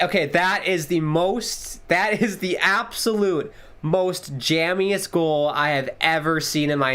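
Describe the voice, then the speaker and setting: A man hosting a live sports watchalong, giving casual commentary and reacting excitedly to the plays with casual swearing. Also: a little high, clean tone. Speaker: livestream host.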